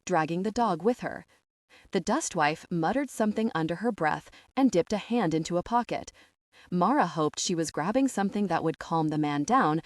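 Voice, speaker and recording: Lively low-voiced woman narrating a story. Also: no echo, studio quality. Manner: expressive, voices each character. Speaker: audiobook narrator. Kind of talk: scripted narration.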